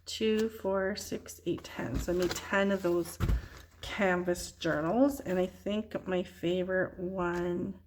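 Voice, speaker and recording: A tired woman casually showing her artwork and journals in a vlog, talking in a relaxed, rambling way. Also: fairly low pitch, slow, a little hiss or hum. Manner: relaxed, rambling, soft-spoken with yawns. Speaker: junk journal artist. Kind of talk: casual show-and-tell vlog.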